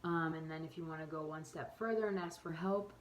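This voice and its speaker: A woman's voice: low voice, brisk, a little hiss or hum, rough recording. A woman giving a casual spoken lesson to camera in a chatty way, often correcting herself with amused asides. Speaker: travel vlogger teaching phrases.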